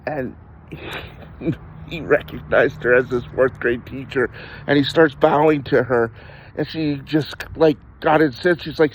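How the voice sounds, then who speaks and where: A man's voice: mid-range voice, steady tone, measured pace, dull audio, a little hiss or hum. Rambling man telling candid personal stories. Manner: rambling, self-deprecating, frequent laughs and restarts. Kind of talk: candid personal storytelling in conversation.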